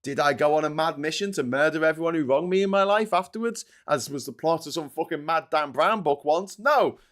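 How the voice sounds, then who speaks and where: A Scouse man from Liverpool, England, in his forties, hosts a casual live-stream and rants with heavy swearing. His voice is a little high and a bit bright, and he talks fairly quickly.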